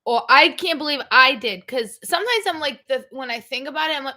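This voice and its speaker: A woman's voice: high-pitched, a little fast, pushed and bright. A middle-aged woman hosting a livestream, chatting casually in a blunt, rambling way. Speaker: livestream host. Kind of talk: casual chat.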